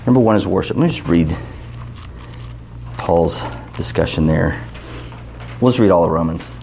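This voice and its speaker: A man's voice: low-pitched, moderate pace, vocal fry, a little mellow, a little hiss or hum. A male pastor preaching a sermon in a casual, joking tone, counting off numbered points and reading scripture.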